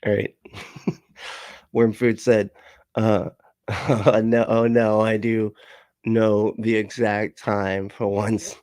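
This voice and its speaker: A man's voice: fairly low pitch, a little mellow, no echo, studio quality. A man streaming casually, reading chat comments aloud, rambling with frequent laughs and swearing. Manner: rambling, laughs often, profane asides.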